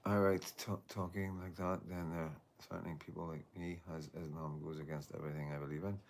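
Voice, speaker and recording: Low-voiced man, rambling. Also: little pitch movement, brisk, gravelly. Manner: rambling, repeats "you know what I mean". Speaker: livestream host. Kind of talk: casual livestream chat.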